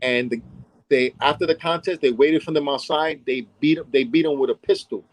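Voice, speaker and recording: A man with a New York accent tells stories in an animated way and slips into other voices as he goes. His voice sits a little high for a man. The sound is dry and close. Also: moderate pace, no echo, poor audio. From Brooklyn, New York. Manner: animated storyteller, acts out voices, many "you know what I'm saying". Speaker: interview guest, hip hop dance pioneer. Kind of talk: storytelling interview.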